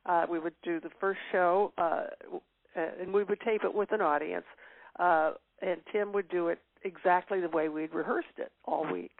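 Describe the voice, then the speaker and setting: A woman's voice: fairly low pitch, steady tone, normal speed, creaky. Older woman reminiscing on a phone line. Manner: reminiscing, warm laughs, many fillers. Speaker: interview guest. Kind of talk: casual interview chat. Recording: tinny phone-line sound.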